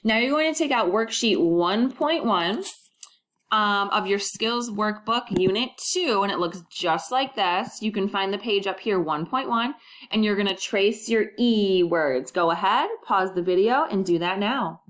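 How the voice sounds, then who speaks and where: A woman teaching a recorded first-grade phonics lesson, modeling sounds clearly and prompting children to repeat after her. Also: mid-range voice, measured pace.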